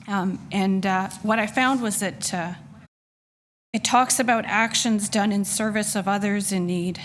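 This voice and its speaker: A woman's voice: medium pitch, fairly even intonation, measured pace. A woman, a public health official, giving formal remarks at a council meeting, thankful and emotional, with many fillers.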